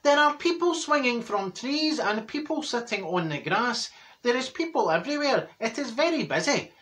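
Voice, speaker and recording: A man voicing a smarmy neighbour who croons his words in a slow, formal, sing-song way. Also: very high voice, lively intonation, fairly bright tone, voice pushed up.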